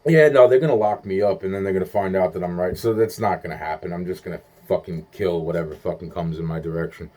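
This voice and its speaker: A man's voice: deep voice, fast, hardly any pauses, a little mellow. A young man rambling in a profane monologue, stumbling through restarts and acting out quoted voices.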